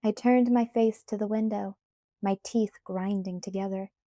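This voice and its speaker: Woman audiobook narrator, first-person read, warm mellow tone, steady pacing, dry sound. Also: medium pitch, normal speed, dry recording.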